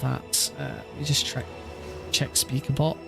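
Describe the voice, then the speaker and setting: A man's voice: mid-range voice, flat delivery, unhurried, gravelly, music in the background. A man streaming a speedrun who chats casually, thinks aloud and often restarts his sentences. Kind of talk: casual live-stream chat.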